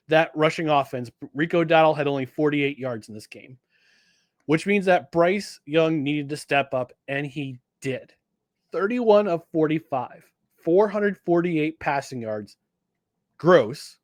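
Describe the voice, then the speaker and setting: A man co-hosting a sports podcast in casual chat, animated and jokey, often restarting his sentences. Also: a little high, no room sound, studio quality. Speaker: podcast co-host.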